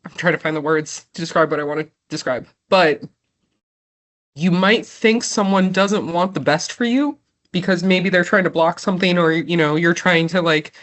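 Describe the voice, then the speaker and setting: In an emotional interview, the guest, a woman in her thirties, is near tears as she speaks sincerely, often saying "like" and "right?". She talks at a moderate pace in a voice on the low side.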